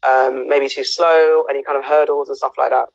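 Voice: mid-range voice, level tone, moderate pace, no room sound, muffled recording. A host asking questions in a casual live-streamed interview, playful and prompting with short reactions.

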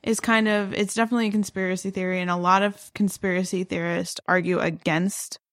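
A gravelly, creaky voice of middle pitch talks in a laid-back, relaxed way. This co-host is chatting on a casual podcast, recorded dry and close to the mic. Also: a little fast, dry recording. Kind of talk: casual conspiracy podcast chat.

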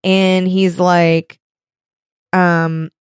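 A woman's voice: on the low side, flat delivery, very slow, smooth. Chatty woman recapping TV. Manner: chatty, lots of fillers like um and like, swears casually. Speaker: podcast co-host. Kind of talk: casual TV recap chat.

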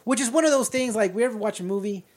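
A man co-hosting a podcast, casually recapping a movie and acting out characters' lines in loud voices. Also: high-pitched, rapid-fire. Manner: animated, acts out lines in shouted voices. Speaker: podcast co-host.

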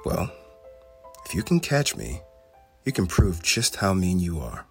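Storybook: little goblin boy, gentle and friendly, quick and cheery, voiced by a man. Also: sits low, huge pitch swings, gravelly, husky, soft background music, heavily acted. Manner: soft, friendly.

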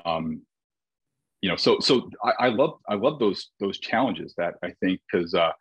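A man's voice: low voice, animated, measured pace, breathy edge, no echo, highs cut off. A man who coaches baseball, telling stories in a casual, reflective conversation with frequent restarts.

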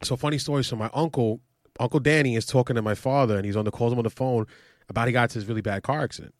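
A man co-hosting a casual sports podcast, an animated storyteller who talks quickly. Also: mid-range voice, no echo, studio quality. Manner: animated storyteller, quick, acts out relatives' voices. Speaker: podcast co-host.

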